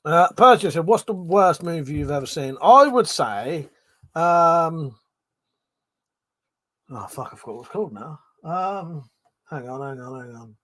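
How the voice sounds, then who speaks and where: A man's voice: a little high, lively intonation, measured pace, long pauses, a bit bright, no echo. Man, stream host, casual chat, reads comments aloud, swears a lot, close dry sound. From Buckinghamshire, England. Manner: laid-back, swears freely, laughs often. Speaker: livestream host.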